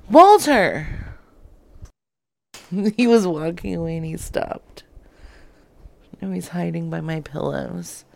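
A woman's voice: fairly low pitch, measured pace, creaky, warm tone, no room sound. A woman chatting casually on a stream, giggling a lot and slipping into whispered asides. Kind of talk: casual chat.

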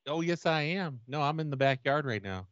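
A man's voice: a little high, expressive, a little fast, a bit bright, no room sound, highs cut off. A man on a prank call playing an odd, pushy man who insists he is in a stranger's backyard, rambling with fillers.

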